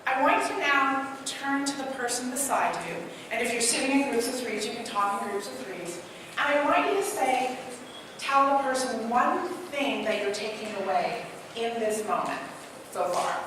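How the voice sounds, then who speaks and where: High-voiced woman from trinidad running a workshop, lively, lots of questions, echoey hall, mic far off. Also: moderate pace, noisy background. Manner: animated, asks the audience many questions. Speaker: speaker and trainer. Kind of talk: interactive workshop talk. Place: large hall.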